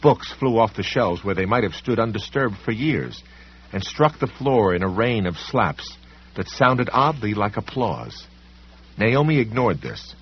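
A man's voice: fairly low pitch, big pitch swings, a little slow, slightly rough. A man narrating a story aloud with dramatic, varied delivery. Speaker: audiobook narrator. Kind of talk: scripted narration. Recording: dull lo-fi recording.

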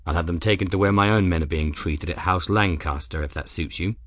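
A man voices a commanding captain in a storybook reading, giving formal orders in a measured, clipped way. The voice is low and quiet, below the reader's own. The recording is dry. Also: no echo, lightly acted. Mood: courteous. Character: older male airship captain, courteous, commanding.

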